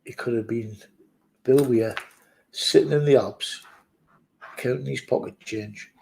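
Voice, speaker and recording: A man's voice: mid-range voice, measured pace, creaky, a little mellow, slight background noise, rough recording. A man at his office desk, chatting casually to camera in a jokey, rambling way with muttered asides. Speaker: vlogger.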